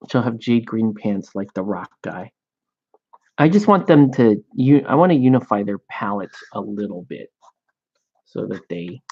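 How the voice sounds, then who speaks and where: Laid-back man painting miniatures, gravelly dark voice, slow jokey chatter, swears casually. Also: mid-range voice, lo-fi sound. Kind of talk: casual chat while painting.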